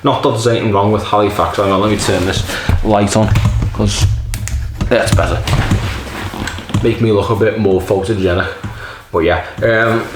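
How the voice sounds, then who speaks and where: Joking man in an echoey room. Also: fairly low pitch. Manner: self-deprecating, jokey, rambling. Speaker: beer reviewer. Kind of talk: casual rambling review.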